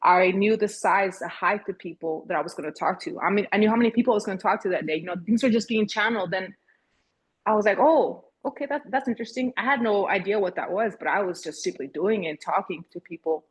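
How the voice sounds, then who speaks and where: A woman in her thirties telling a personal story as a podcast guest, halting and searching for words with frequent restarts. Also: medium pitch, slightly rough. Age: 30s.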